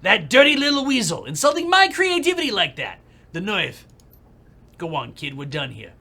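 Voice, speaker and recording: A loud, brash middle-aged TV producer with a put-on New York accent and a short fuse, as a man does the voice. He talks bluntly, his pitch jumping around a lot as he reads the game's lines. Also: very animated, brisk, slightly rough, full character voice. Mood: furious. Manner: blunt, hot-tempered, loud.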